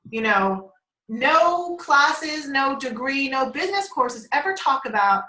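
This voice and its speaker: A woman's voice: sits high, bright, forceful tone. A woman chatting casually on a group call, rambling, laughing often and swearing casually. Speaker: team member on a group call. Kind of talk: casual chat. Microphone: conference call line. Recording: echoey room.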